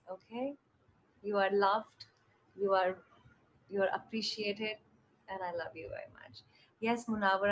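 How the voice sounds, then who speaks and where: A woman's voice: medium pitch, a little hiss or hum, poor audio. A young woman with an Indian accent chatting affectionately with viewers on a live stream, greeting them by name and blowing kisses. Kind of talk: casual live-stream chat.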